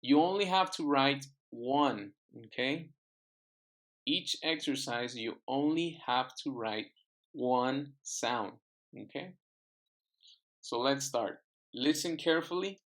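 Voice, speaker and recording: Slow, patient male English teacher. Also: mid-range voice, a bit bright. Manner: patient, repeats words for students to echo. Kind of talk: online classroom lesson.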